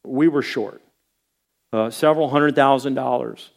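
A man preaching as a pastor, telling a story in a sermon and acting out the dialogue with lively voices. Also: mid-range voice, a little slow, creaky.

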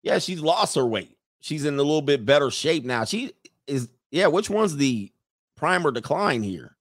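Loud joking man on a livestream. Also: on the high side, sing-song, moderate pace, dry recording, clean studio sound. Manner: loud, blunt, joking, laughs often. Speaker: livestream host. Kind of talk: casual livestream commentary.

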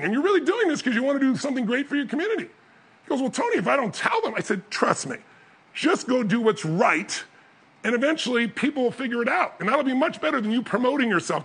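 A man telling a story as a motivational speaker, acting out the other people's voices and building up to loud peaks. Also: very high-pitched, creaky, husky. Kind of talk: storytelling talk.

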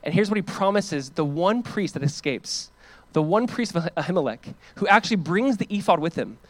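A man's voice: high voice, lively intonation, fairly quick, no room sound. A man preaching a sermon as pastor, earnest and emphatic, mixing scripture with casual asides.

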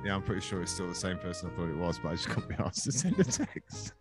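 Fast-talking, rambling podcast host. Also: male voice, deep voice, expressive, music in the background. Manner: rambling, jokey, self-deprecating. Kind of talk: casual chat.

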